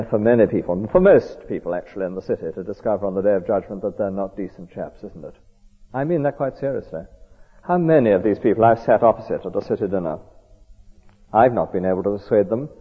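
Earnest preacher in a tinny hall. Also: male voice, lowish voice, animated, breathy edge. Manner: earnest, measured, conversational. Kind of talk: sermon. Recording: tinny echoey hall recording.

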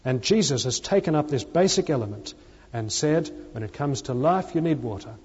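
A man preaches in a church, emphatic and repetitive, his voice falling low on the lines he quotes. His voice is mellow and slightly husky. The dull, lo-fi recording carries a long reverb from the hall. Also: lively intonation, moderate pace. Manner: emphatic, repeating key phrases, dropping his voice on quotes. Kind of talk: sermon.

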